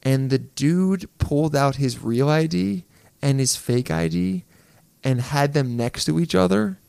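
A man in casual podcast chat, laid-back, cursing freely and reacting fast. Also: on the high side, creaky, a little mellow, smooth, dry recording.

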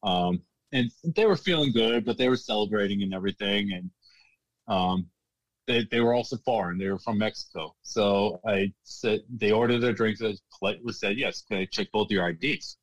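A man's voice: on the low side, normal speed, no room sound, poor audio. A man working as a bartender, telling stories casually in an interview, laughing often and restarting his sentences. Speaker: guest, former casino bartender.

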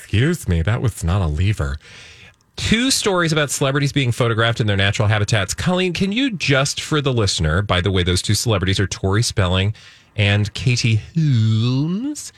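A man's voice: on the low side, big pitch swings, normal speed, no echo. A man co-hosting a podcast in casual comedic chat, playful and mock-outraged. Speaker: podcast co-host.

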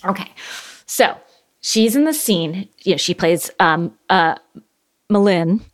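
A woman's voice: lowish voice, expressive, slow. A woman guest chatting on a podcast, emphatic and heated, with frequent swearing. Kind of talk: casual chat.

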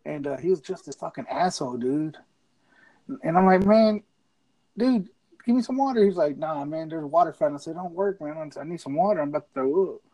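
A man's voice: fairly high pitch, a little fast, mellow, poor audio. A man telling a rowdy, profanity-laced story in casual chat.

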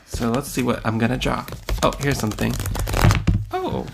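This is a woman with an unusually deep voice, chatting as a podcast guest. She talks in a laid-back way and drops dry jokes as she goes. A faint hiss sits behind her voice. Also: moderate pace, creaky. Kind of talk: casual chat.

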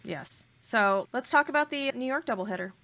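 A woman's voice: on the high side, animated, a little fast, a bit bright. Gushing, emphatic woman podcast co-host. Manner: gushing, emphatic, playful exaggeration. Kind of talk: casual chat.

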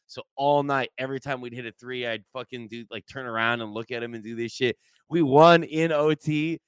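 A man's voice: mid-range voice, fast talker, smooth, no echo. Man, podcast co-host, dry close mic, rambling anecdotes. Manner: rambling, animated anecdotes with profanity. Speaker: podcast co-host, former team manager. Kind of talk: casual podcast chat.

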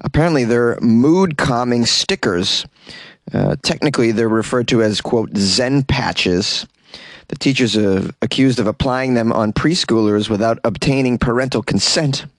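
A man's voice: medium pitch, unhurried, no echo. A man hosting a comedy news podcast, reading stories and breaking in with sarcastic, mock-outraged jokes and frequent laughs. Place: small closet.

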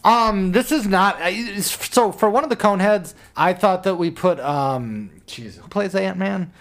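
A man chatting on a podcast, animated but hesitant, often apologizing. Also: high voice, measured pace. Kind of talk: casual chat.

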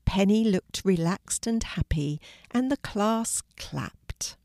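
An older woman, a storyteller, gently reading a children's story aloud in a clear voice. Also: medium pitch, expressive, takes it slowly, dry recording, studio quality.

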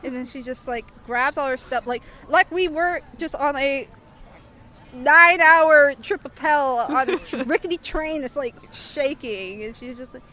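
A young woman in her twenties being interviewed and telling a story casually, animated and full of "like" fillers. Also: high-pitched, measured pace.

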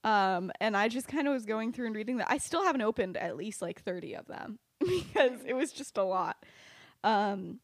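A woman's voice: mid-range voice, lively intonation, normal speed, dry recording, clean studio sound. A young woman hosting a podcast, casually retelling a story in a rambling, giggly way full of "like"s and restarts. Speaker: podcast host.

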